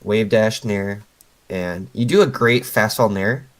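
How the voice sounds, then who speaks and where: A man's voice: fairly low pitch, takes it slowly, rough recording. A man coaching a player over a voice call, patiently explaining step by step with lots of fillers. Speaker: game coach.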